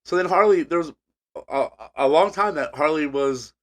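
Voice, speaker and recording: A man's voice: a little high, moderate pace, fairly bright tone. A man co-hosting a casual podcast, telling a long rambling story with many restarts and fillers. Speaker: podcast co-host. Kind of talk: casual chat.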